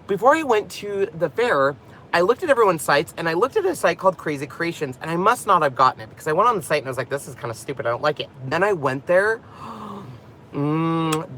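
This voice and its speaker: The man behind a crafting channel talks casually from his car, parked in his garage, drifting between tangents while joking about himself and laughing a lot. His pitch is fairly high and his tone fairly bright, with a faint hiss or hum present.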